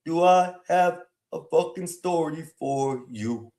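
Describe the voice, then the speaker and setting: A man's voice: sits high, fairly quick, few pauses, a little mellow. A man hosting a casual livestream, rambling and repeating phrases as he talks to his chat. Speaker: livestream host.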